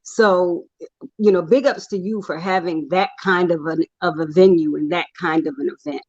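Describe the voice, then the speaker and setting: A woman's voice: lowish voice, fairly even intonation, normal speed, a little mellow, dry recording, highs cut off. A woman in her thirties, a poet guest, telling candid and humorous stories in casual chat. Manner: candid, humorous storytelling with laughs.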